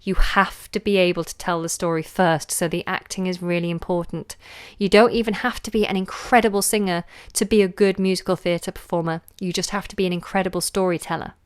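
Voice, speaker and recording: A woman, a singing teacher answering viewer questions in a relaxed, chatty way on a live stream. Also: lowish voice, brisk, clear, resonant tone. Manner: relaxed, chatty, demonstrates sounds with her voice.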